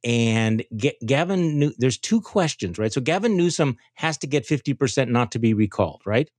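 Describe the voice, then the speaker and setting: A man hosts a conversational podcast in a plain, mid-pitched voice, telling stories in a folksy, halting way. The sound is close and dry, with no room around it. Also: expressive, darkish tone, no echo. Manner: folksy storyteller, many restarts and fillers. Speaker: podcast host.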